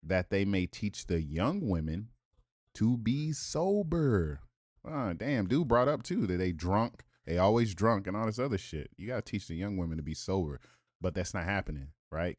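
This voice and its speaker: A man's voice: fairly low pitch, very animated, brisk, darkish tone, dry recording, clean studio sound. A man giving casual reaction commentary, reading viewer comments aloud with blunt, profane asides and rhetorical questions.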